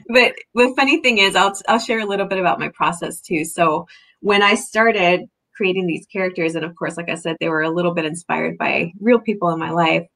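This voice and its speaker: Gravelly low-voiced woman author. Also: brisk, a bit bright. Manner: chatty, laughs often, full of fillers and restarts. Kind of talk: book reading and author Q&A.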